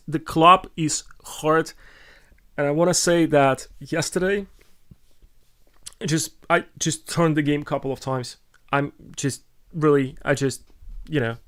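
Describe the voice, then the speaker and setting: Halting Russian-accented man with smooth voice. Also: fairly high pitch. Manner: halting, many restarts and filler sounds. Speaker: streamer answering viewer questions. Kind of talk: casual live-stream chat.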